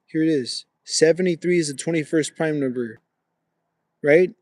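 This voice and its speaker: Walking with a gimbal, a young livestream host chats casually with his viewers and keeps calling them bro. He speaks at a moderate pace in a somewhat high, slightly mellow male voice, recorded with no echo.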